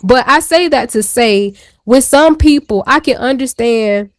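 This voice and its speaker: A woman's voice: on the high side, measured pace, no echo. Chatty woman with a dry, close sound. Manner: candid, chatty storytelling with slang asides. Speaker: show co-host. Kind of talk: casual chat.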